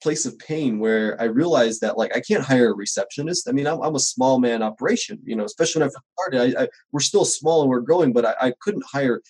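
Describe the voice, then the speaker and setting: A man's voice: mid-range voice, quick pace, hardly any pauses, slightly rough, poor audio. A man who runs a small home service business, chatting as a podcast guest and acting out little scenes as he tells them. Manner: animated storyteller, acts out quoted voices. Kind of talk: casual podcast conversation.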